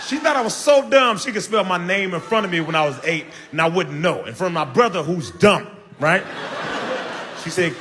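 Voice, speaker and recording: A man's voice: high voice, animated, normal speed, fairly bright tone, in a large hall, a little hiss or hum. A man performing a stand-up routine, telling a wry family story straight to the crowd. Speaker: stand-up comedian.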